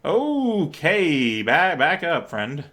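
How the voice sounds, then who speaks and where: A man's voice: on the high side, huge pitch swings, a bit bright. Laid-back man narrating a game playthrough. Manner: playful and chatty, quick laughs, mild swearing. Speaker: let's play host. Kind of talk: casual gameplay commentary, reading game text aloud.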